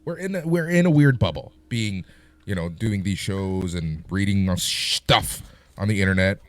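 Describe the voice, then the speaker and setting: A man's voice: low-pitched, animated, normal speed, no room sound. A man co-hosting a wrestling podcast in casual chat, joking and moving the show along.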